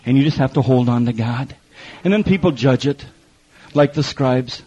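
This middle-aged man has a dark mid-range voice with a breathy edge and speaks at a moderate pace. He gives a folksy testimony sermon, telling stories and playing the other people in them with quoted voices and repetition. It's a muffled lo-fi recording.

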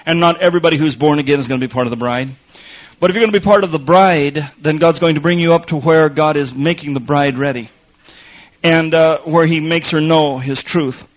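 A man preaching a sermon, telling a lively story with laughs and then reading scripture slowly and quietly. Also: on the high side, poor audio.

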